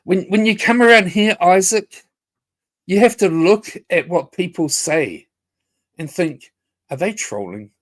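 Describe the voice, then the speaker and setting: New man, livestream rant, confrontational, sweary, slightly high voice. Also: a little slow. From New Zealand. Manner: confrontational, swears a lot, repeats himself.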